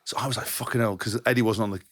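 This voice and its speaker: A lower-voiced man tells rugby-tour stories at a quick clip, swearing and restarting as he goes. The recording is dry and close, with no room sound. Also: fairly even intonation, a bit bright, no echo. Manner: rambling anecdotes, swears freely, frequent restarts. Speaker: podcast co-host, former rugby player. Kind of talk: casual storytelling chat.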